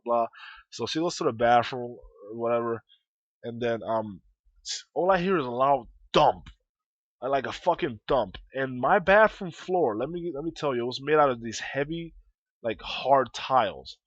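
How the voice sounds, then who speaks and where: A young man telling a personal story in a casual, rambling way, full of swearing and repeated words, with loud high bursts when he gets worked up. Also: no echo, muffled recording. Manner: rambling, profane, repeats himself.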